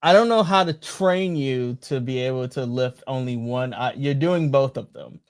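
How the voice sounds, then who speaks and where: A man co-hosting a podcast in casual chat, joking in a playful, deadpan way. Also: medium pitch, moderate pace, clear, resonant tone, dry recording, clean studio sound. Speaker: podcast co-host.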